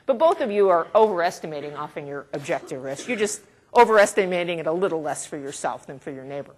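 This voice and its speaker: A woman's voice: deep voice, expressive, fast talker, a little mellow. A woman researcher giving an academic lecture in a conversational way, with asides and the odd chuckle.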